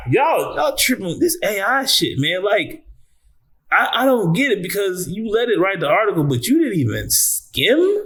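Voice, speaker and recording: Animated man ranting in casual slang. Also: unhurried, slightly rough. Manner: animated, exclaims in sudden high bursts, laughs often; slangy, swears freely. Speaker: entertainment news host. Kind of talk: casual commentary vlog.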